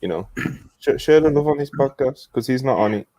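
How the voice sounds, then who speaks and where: A man's voice: mid-range voice, lively intonation, fairly quick, mellow, no echo. A man co-hosting a podcast in a casual chat, easygoing and laid-back. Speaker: podcast co-host.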